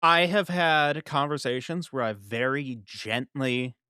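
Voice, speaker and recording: A man's voice: medium pitch, slow pace, bright, forceful tone, clean tone, dry recording, clean studio sound. A man hosting a podcast about card games, talking in an exasperated, emphatic casual rant. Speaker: podcast host. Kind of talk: casual ranting chat.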